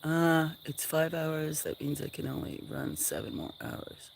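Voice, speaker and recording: A woman on a casual farm livestream, chatting with viewers and talking softly to her animals. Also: low-pitched, very animated, a little slow, vocal fry. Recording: outdoor noise with chirping crickets. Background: crickets and insects.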